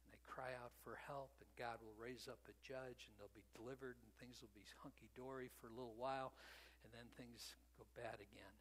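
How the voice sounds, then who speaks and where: A man's voice: medium pitch, steady tone, a little fast, a bit bright, long reverb tail, low-quality recording. A man preaching a sermon, retelling the story in a conversational way with frequent "you know" asides. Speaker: pastor.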